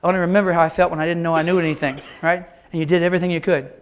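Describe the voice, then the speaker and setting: This middle-aged man from Kansas speaks very fast, his voice on the high side and his tone steady. Giving a motivational keynote in a large auditorium, he tells folksy jokes and addresses his listeners directly.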